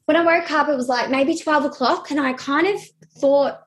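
A young adult woman telling a personal story in a halting way, with many fillers and restarts. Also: high voice.

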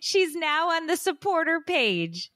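A woman hosting a podcast, telling a story in frank, animated casual chat and acting out what people said. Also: very high-pitched, measured pace, no room sound, clean studio sound. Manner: animated, acts out quotes, frank and profane. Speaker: podcast host.

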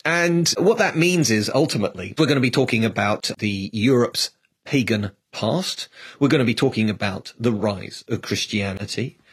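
A man's voice: lowish voice, lively intonation, moderate pace, husky. A man hosting a history podcast in a chatty, upbeat way, laughing easily. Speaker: podcast host. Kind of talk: casual history podcast chat.

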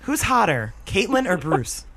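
A woman's voice: fairly low pitch, big pitch swings, measured pace, a loud crowd. A woman co-hosting a podcast, teasing and playful, swearing casually.

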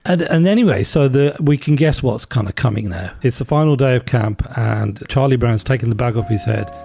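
A man retelling a comic strip story as a podcast guest, animated and laughing as he goes. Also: mid-range voice, fairly quick, vocal fry, slight background noise. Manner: animated storyteller, laughs while telling, acts out the characters' lines. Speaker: guest, writer and broadcaster.

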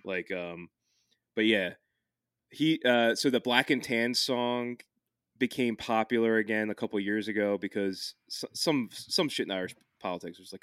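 A man's voice: on the low side, moderate pace, a bit bright, clear, resonant tone, no room sound, studio quality. Rambling man. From Philadelphia, USA. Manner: rambling, swears freely, many restarts. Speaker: podcast host. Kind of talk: casual podcast chat.

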